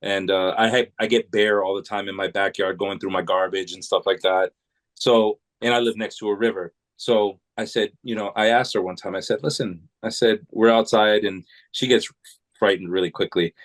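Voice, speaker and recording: A man's voice: fairly low pitch, fairly even intonation, moderate pace, rough recording. A man from New England, a podcast guest, telling long rambling anecdotes with many restarts in a casual way. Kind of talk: casual storytelling.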